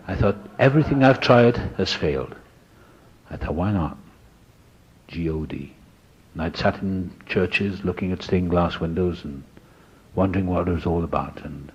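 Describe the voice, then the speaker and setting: An older man telling a personal recovery story to an audience, animated and acting out the voices of people he met. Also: sits low, slightly rough, lo-fi sound. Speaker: speaker sharing his recovery story.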